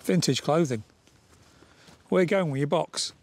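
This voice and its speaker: A man's voice: a little high, a little slow. A man co-hosting a vlog outdoors in the snow, joking and laughing as he talks. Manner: jokey, laughs often, restarts sentences. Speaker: vlog co-host. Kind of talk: casual outdoor chat.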